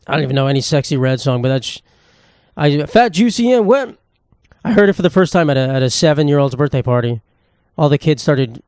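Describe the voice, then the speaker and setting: A man's voice: on the high side, a little mellow, clean tone, dry recording, clean studio sound. Rambling, profane young male podcaster. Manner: rambling, profane, jokey, fast-talking. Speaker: podcast host. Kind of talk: casual solo podcast rant.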